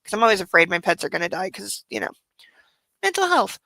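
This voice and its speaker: A woman's voice: mid-range voice, big pitch swings, fast, bright, forceful tone, no room sound, poor audio. A woman hosting a casual late-night livestream from home, cooing baby talk to her dog and swearing freely. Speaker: livestream host.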